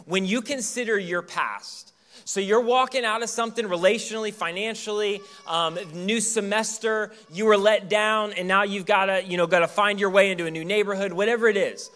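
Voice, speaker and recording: A pastor in his thirties preaches in a church, telling stories in a loose, joking way. His voice sits high for a man and rings bright and forceful. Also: steady tone, moderate pace. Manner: casual, joking storytelling. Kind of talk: sermon.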